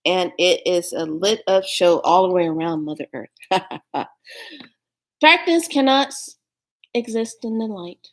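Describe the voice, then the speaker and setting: A woman's voice: fairly low pitch, lively intonation, unhurried, long pauses. A woman talking casually to her viewers as a spiritual vlogger, playful and affectionate, laughing often.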